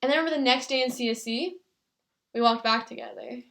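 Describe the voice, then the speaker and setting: A woman's voice: sits high, fast, fairly bright tone. A teenage woman co-hosting a podcast, chatting casually and telling a story while quoting other people. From Canada. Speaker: podcast co-host. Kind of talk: casual chat.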